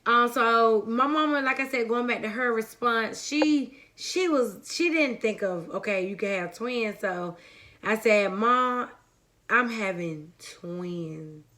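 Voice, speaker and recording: A young woman with a fairly high, bright and forceful voice tells a personal story to her viewers. She rambles in a chatty way, fills gaps with "um," and keeps turning to her audience with "y'all.". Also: unhurried. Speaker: vlogger. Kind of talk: casual story time to viewers.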